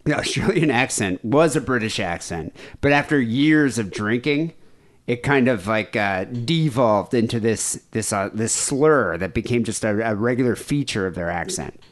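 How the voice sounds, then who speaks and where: A man hosts a comedy podcast, chatting loosely and crudely. His pitch swoops around a lot, leaping into high excited bursts and then dropping into low mutters. He talks at a medium pitch. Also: normal speed. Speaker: podcast host. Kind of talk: casual comedic chat.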